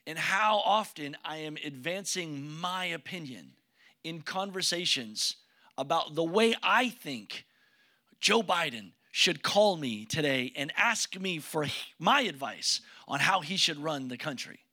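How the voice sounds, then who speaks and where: Guy pastor giving a sermon, high bright voice, chatty and jokey with the crowd. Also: animated, a little slow. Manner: conversational preaching with jokes and questions to the congregation. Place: church sanctuary with congregation.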